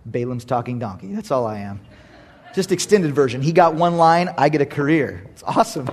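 A man preaching a sermon, telling a personal story in an animated way, swinging between loud exclamations and hushed asides, laughing often. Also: mid-range voice, fairly quick, a little hiss or hum. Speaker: pastor.

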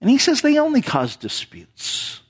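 A man's voice: very high-pitched, huge pitch swings, measured pace, breathy edge. A male pastor preaching a sermon in church, talking with the congregation through rhetorical questions.

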